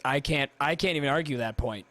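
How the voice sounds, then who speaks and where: A man's voice: medium pitch, a little fast, bright, forceful tone, no echo. A man who is a guest on a casual podcast chat, talking enthusiastically and agreeing readily.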